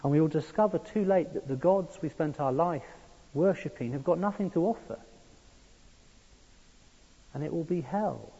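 A man's voice: fairly high pitch, normal speed, pauses often, dark tone, husky. A man preaching a sermon, earnest and building to emphatic peaks. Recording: dull sound in a long-reverb hall.

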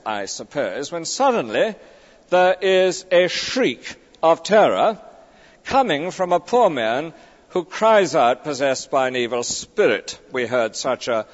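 A man preaching a sermon, emphatic, often tagging on rhetorical questions. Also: mid-range voice. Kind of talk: expository sermon. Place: large church. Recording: dull recording with long church reverb.

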